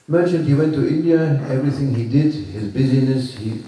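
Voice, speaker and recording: A man telling a teaching story to a workshop group, halting and repeating himself, with moralizing asides. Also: mid-range voice, dark tone. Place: workshop room. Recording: echoey room from far off.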